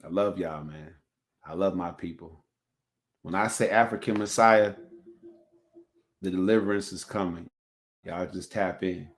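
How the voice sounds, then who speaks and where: A man hosting a relationship podcast in casual chat, emphatic and swinging from soft, emotional talk to loud hype calls. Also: sits low, measured pace, pauses often. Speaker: podcast host.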